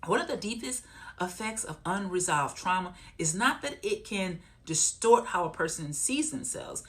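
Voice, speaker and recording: A woman's voice: fairly low pitch, animated, moderate pace, a bit bright. A woman trauma therapist teaching to camera, repeating her points and checking in with listeners.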